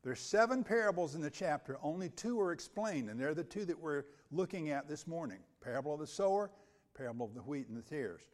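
Male preacher, fairly high voice, orderly expository sermon, reads scripture then breaks it down with repeated phrases. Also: expressive, brisk. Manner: methodical, repeats key phrases for emphasis; occasional restarts when speaking off the cuff.

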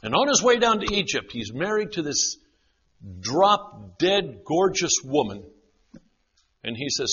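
A man preaching a sermon, shifting between emphatic declarations and hushed retellings. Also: a little high, big pitch swings, unhurried, slightly rough. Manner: dramatic, drops to a hush for quoted lines. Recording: dull lo-fi sound.

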